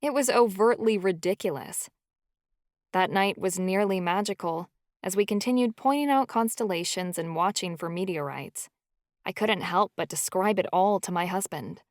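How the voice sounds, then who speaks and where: A woman's voice: medium pitch, moderate pace, no room sound, studio quality. A woman reading a first-person novel aloud as an audiobook narrator, in a storytelling delivery.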